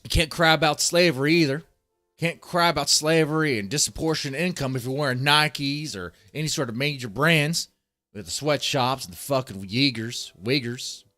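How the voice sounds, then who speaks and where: A man's voice: medium pitch, moderate pace, pushed and bright, faint music behind. A man reacting to a video on a live stream, greeting chatters and ranting with heavy swearing. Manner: profane, ranting, mocking. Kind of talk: casual live-stream commentary.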